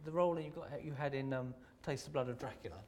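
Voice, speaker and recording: A man's voice: mid-range voice, fairly even intonation, fast, a little mellow, a little hiss or hum. A man hosting a film Q&A, who asks his guest questions in a hesitant way, with many ums and restarts. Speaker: Q&A host. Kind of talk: casual interview chat.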